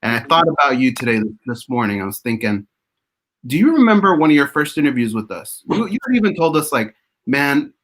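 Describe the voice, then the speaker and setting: A man's voice: medium pitch, very animated, brisk, a bit bright, low-quality recording. A man hosting a radio show, asking questions in a chatty, friendly way. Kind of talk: casual interview questions.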